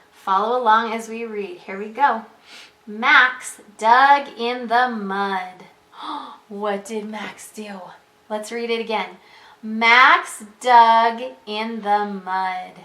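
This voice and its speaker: Woman, preschool teacher, slow and clear, encouraging questions, fairly high voice, echoey room. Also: a bit bright. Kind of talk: online preschool reading lesson.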